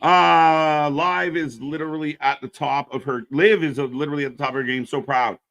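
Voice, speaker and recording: Animated man co-hosting a wrestling stream. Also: on the high side, moderate pace, creaky. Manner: animated, profane, reads and answers viewer chat. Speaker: wrestling live stream co-host. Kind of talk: casual live-stream chat reacting to a wrestling event.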